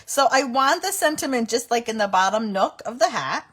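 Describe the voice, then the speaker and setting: A middle-aged woman hosts a live crafting stream, narrating each step in a chatty, giggly way. Her voice sits a little high for a woman, and she keeps talking to viewers as she works. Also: animated, moderate pace, a bit bright. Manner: chatty, giggly, breaks into helpless laughter. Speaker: card-making livestream host.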